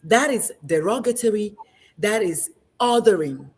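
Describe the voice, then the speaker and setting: A woman with a Nigerian accent talks in an earnest, emphatic way as a guest in a relaxed conversation. Her voice sits at a middle pitch and has a husky edge. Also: measured pace. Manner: emphatic, earnest, addresses host by name. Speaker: guest speaker. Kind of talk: casual conversation.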